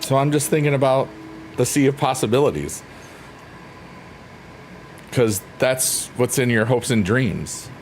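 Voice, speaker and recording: A man hosting a relaxed livestream, chatting playfully and reading out messages from his viewers. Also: medium pitch, measured pace, long pauses, a little hiss or hum. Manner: playful, silly, rambling, reads chat aloud. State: drained. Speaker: livestream host. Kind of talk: casual chat with live chat readers. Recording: faint piano music underneath.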